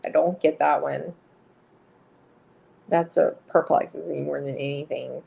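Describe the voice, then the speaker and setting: Gravelly, giggly woman chatting slowly. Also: deep voice, steady tone, dark tone. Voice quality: husky. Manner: giggly, laughs often between sentences; chatty and rambling, full of filler words. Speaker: live-stream card reader. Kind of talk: casual live-stream chat with viewers.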